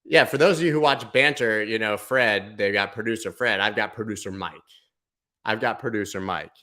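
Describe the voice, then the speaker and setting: A man hosting a casual livestream giveaway, chatty and playful, now and then slipping into a booming sports-announcer voice. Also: normal speed, pushed and bright. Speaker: livestream host.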